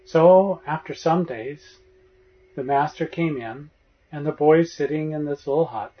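A man giving a meditation talk as a spiritual teacher, telling a parable in a gentle storytelling manner and acting out the voices in it. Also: fairly high pitch, measured pace. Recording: dull lo-fi recording.

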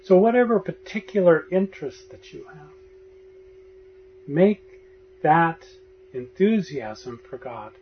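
A man with a fairly high voice gives a meditation talk and tells a parable gently, lending the people in the tale their own voices. The recording sounds dull and lo-fi. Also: sing-song, takes it slowly, long pauses, a little hiss or hum. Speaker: spiritual teacher.

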